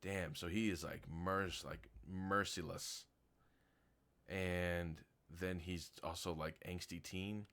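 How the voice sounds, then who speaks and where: A man with a very low voice gives a loose, unscripted review of a film. He is blunt and critical but laughs easily. His speech is full of fillers like "like" and "um". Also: fairly even intonation, slow, a bit bright. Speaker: movie reviewer. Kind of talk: casual spoken movie review.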